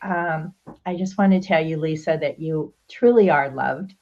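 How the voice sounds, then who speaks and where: Woman host, low voice, affirming, sensitive, muffled lo-fi call audio. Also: a little slow. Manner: affirming, sensitive, gently emotional. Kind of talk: casual heartfelt talk-show chat.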